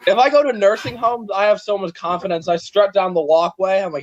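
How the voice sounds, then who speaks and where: A man's voice: high-pitched, animated, fast, few pauses, highs cut off, slight background noise. A man hosting a casual chat while building a set, joking and rambling with self-mocking humor.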